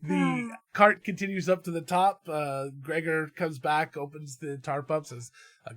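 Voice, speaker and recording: A man narrating as game master and host of a tabletop game podcast, relaxed and full of fillers. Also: a little high, unhurried, no echo.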